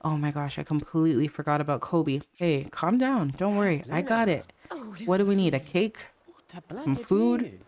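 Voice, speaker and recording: A woman's voice: low voice, animated, moderate pace, darkish tone. A woman hosting a casual let's play, chatting and giggling as she plays and voices her characters' lines. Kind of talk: casual gameplay commentary.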